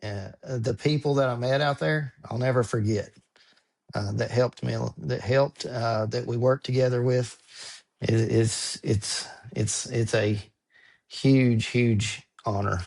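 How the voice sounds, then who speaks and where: A man of middling pitch talks in a casual interview, earnest and a little halting. He repeats words and restarts as he gropes for the right phrasing. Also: steady tone, creaky, darkish tone. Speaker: podcast guest, ultrarunner.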